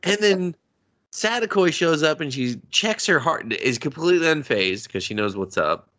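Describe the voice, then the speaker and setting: Bright-voiced male co-host, swears freely, animated recap chat. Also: fairly high pitch, normal speed. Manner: profane, animated, acts out quotes. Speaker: podcast co-host. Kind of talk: casual anime recap chat.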